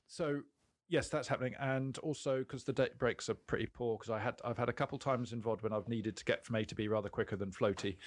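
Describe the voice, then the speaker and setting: A man with a British accent co-hosting a podcast, rambling and self-deprecating in casual banter, laughing often. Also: on the low side. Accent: British English. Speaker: podcast co-host.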